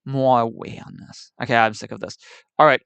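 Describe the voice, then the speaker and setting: A man's voice: medium pitch, fairly even intonation, brisk, gravelly, a bit bright, clear, resonant tone, dry recording, highs cut off. A male streamer talking opinionatedly on a live stream, putting on a New Zealand accent, repeating and restarting words while he answers chat. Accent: put-on New Zealand.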